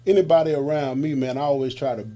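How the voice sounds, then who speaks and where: A man, chatting as an interview guest and telling stories in a loose, animated way, dropping "man" into nearly every line. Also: mid-range voice, fast. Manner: animated storytelling, says man a lot. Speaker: musician guest. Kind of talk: casual interview chat.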